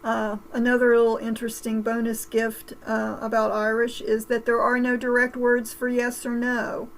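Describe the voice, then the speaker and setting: A woman's voice: a little high, monotone, normal speed, slight background noise, low-quality recording. A woman giving a wry, informative preview of the class she teaches, speaking over a video call. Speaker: course instructor.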